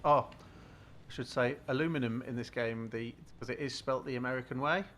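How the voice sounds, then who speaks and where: A man's voice: medium pitch, fairly quick, a bit bright, a little hiss or hum. A British man streaming a game live, talking to himself in a casual, muttering way as he plays. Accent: British English. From Britain. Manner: muttering to himself while playing.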